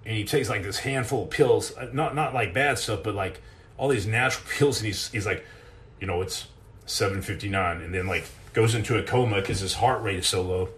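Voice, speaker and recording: A man, a former Navy SEAL, hosting a live stream and telling comic stories in an animated, self-mocking way. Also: on the low side, brisk.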